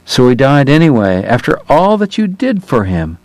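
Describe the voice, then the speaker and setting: A man's voice: medium pitch, big pitch swings, moderate pace, darkish tone, no room sound, pitched above the performer's own voice, close to an everyday voice. A man voicing a blunt, demanding young woman who scolds sharply. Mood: scolding.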